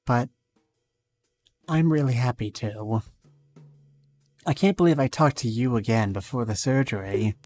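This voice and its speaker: A male streamer reading both sides of a game's dialogue aloud, with some lively rises. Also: medium pitch, unhurried, pauses often, soft background music.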